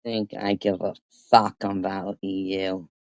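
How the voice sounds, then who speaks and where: Low, slow, profane woman ranting. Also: little pitch movement, dry recording. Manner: profane, scolding rant with frequent throat clearing. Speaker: streamer reacting to a clip. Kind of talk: angry reaction commentary.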